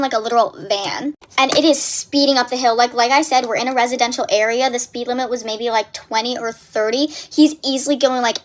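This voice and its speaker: A young woman telling a story in a casual vlog, animated and breathless, packed with filler words. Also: fairly high pitch, a little hiss or hum.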